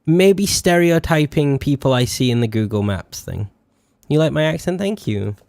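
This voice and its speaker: A young VTuber streamer talks casually in a fairly high, a little mellow voice with lively intonation, vocal fry, and a moderate pace, on a dry recording. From northern England, he has a Yorkshire accent with a slight Scottish and posh mix. His chat is rambling and sweary, with frequent laughter and many fillers.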